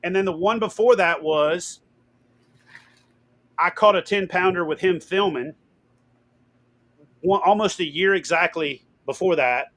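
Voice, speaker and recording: Middle-aged man, fairly high voice, animated storyteller, casual swearing, interview guest. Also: measured pace, long pauses. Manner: animated, swearing, acts out quotes loudly.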